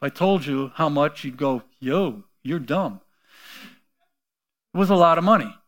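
A middle-aged man preaching a sermon, telling a personal story and acting out the quoted voices, swinging between quiet asides and loud outbursts. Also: a little high, quick pace. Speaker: pastor.

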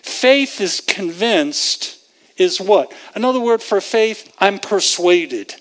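High-voiced man preaching slowly and emphatically. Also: lively intonation, a bit bright. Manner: emphatic, repetitive, rhetorical questions, chuckling. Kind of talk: sermon.

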